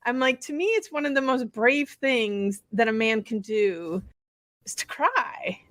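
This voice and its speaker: A woman co-hosting a podcast in relaxed, earnest casual chat, reflecting on her work as a bodyworker. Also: fairly high pitch, unhurried, no room sound, clean studio sound.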